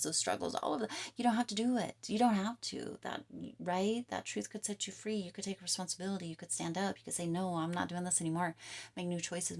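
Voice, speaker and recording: Female tarot reader, deep gravelly voice, emphatic and repetitive, slips into soft asides. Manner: emphatic, repetitive coaching talk. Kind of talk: tarot reading to camera.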